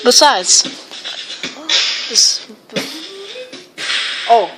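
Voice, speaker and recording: A woman's voice: mid-range voice, expressive, unhurried, over music. A woman live-streaming, rambling and exclaiming often while reading viewer comments. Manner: rambling, filler-heavy. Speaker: livestream weather vlogger.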